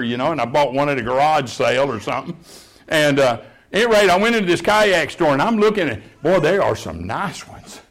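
A man preaching a sermon in a folksy storytelling way, chuckling at his own anecdotes. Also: on the high side. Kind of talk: sermon with humorous stories.

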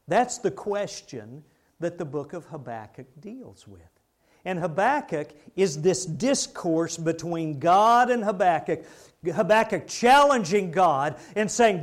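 A man's voice: high voice, expressive, unhurried. A man preaching a sermon in a conversational way, firing rhetorical questions at the congregation.

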